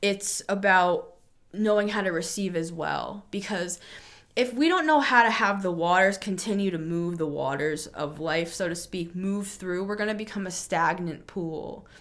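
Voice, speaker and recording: A woman's voice: fairly low pitch, moderate pace, fairly bright tone. Earnest woman giving a tarot reading. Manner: earnest, reassuring, musing with many fillers. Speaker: tarot reader. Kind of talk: casual spoken tarot reading.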